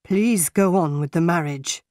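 A woman reads the part of a stern, grave master of the house, pitched a little low and spoken very slowly. The delivery is measured and the sound is dry and close. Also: a little mellow, no echo, natural voice. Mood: urgent. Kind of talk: audiobook character reading.

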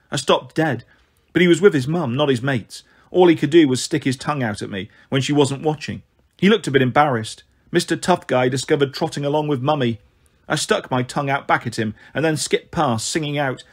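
A man reading a children's novel aloud as steady first-person narration. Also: a little high, husky. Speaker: audiobook reader.

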